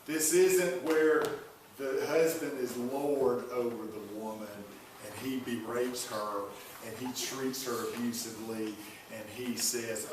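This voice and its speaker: A pastor preaching a sermon, folksy and joking with the congregation. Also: male voice, mid-range voice, steady tone, unhurried, slight background noise. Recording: echoey room, voice from far off.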